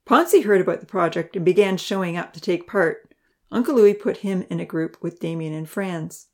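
A woman narrating a children's story aloud with a steady, expressive reading. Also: on the low side, moderate pace.

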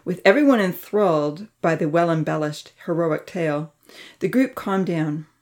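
A woman narrates a children's storybook with a somewhat low voice. She reads in an expressive storytelling manner, raising her pitch for the characters' dialogue. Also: moderate pace.

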